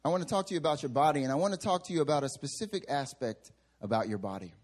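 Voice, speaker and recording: A man's voice: a little high, expressive, racing. A male pastor giving a sermon in a church sanctuary, telling humorous, self-mocking stories.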